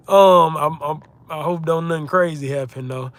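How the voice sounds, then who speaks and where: A man's voice: on the high side, normal speed, hardly any pauses, a bit bright. Laid-back man chatting on a livestream. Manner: laid-back, chatty, reads viewer comments aloud. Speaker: livestream host, content creator. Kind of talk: casual livestream chat reading comments.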